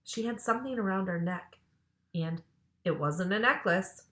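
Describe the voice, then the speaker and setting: Librarian reading kids' chapter book aloud, bright and expressive, roomy echo. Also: female voice, mid-range voice, normal speed. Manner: lively, expressive.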